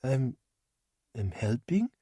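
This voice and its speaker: A man's voice: medium pitch, big pitch swings, slow, dark tone, slightly rough, dry recording, studio quality, voice pushed up, exaggerated voice. A man voicing a simple, childlike cave creature who talks in a naive, earnest way in a storybook. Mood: eager.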